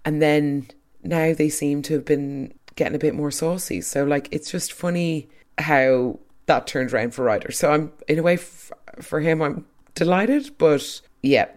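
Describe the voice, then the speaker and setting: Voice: mid-range voice, a little slow. Podcaster chatting away about a soap, opinionated, lots of trailing asides. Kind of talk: casual recap of a soap episode.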